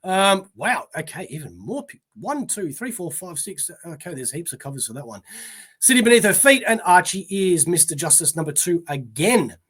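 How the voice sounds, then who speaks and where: A man's voice: sits high, sing-song, normal speed, a bit bright, husky. An Australian man hosting a comic pre-order show alone, reading titles like a newscaster and trailing off into mumbled asides. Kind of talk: casual solo list reading.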